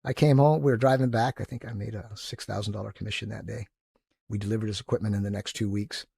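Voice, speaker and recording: A male motivational speaker telling animated stories as a podcast guest, acting out the people he quotes. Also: fairly low pitch, quick pace, vocal fry, breathy edge, dry recording, studio quality. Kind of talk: casual storytelling.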